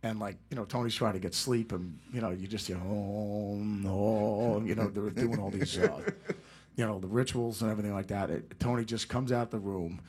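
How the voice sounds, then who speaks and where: A middle-aged man, a musician, telling rambling anecdotes in a casual interview, laughing often and slipping into quick impressions. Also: lowish voice, darkish tone, slight background noise. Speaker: guest musician.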